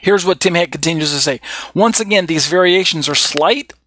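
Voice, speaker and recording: A man teaching a Bible study, reading passages and commentary aloud and explaining them, often pausing on fillers and correcting himself. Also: on the high side, pushed and bright. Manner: halting, full of fillers and self-corrections. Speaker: teacher leading a congregation's study.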